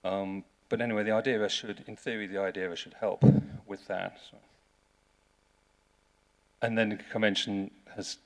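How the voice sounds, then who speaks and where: A man's voice: on the low side, level tone, normal speed, pauses often. A man with an English accent giving a conference talk in a dry, wry way, often restarting his sentences. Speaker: lawyer giving a seminar talk. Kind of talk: conference presentation.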